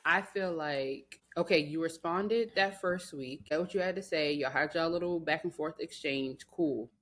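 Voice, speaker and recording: A woman's voice: deep voice, normal speed, slight background noise. A woman co-hosting a podcast in casual gossip chat, sassy and incredulous, cursing freely. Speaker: podcast co-host.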